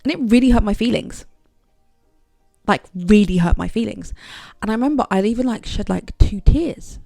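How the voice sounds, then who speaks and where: A young adult woman talking frankly and casually in a motivational vlog, animated and not shy of swearing. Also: mid-range voice, moderate pace, creaky, no echo, soft background music. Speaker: vlogger. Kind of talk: candid motivational vlog talk.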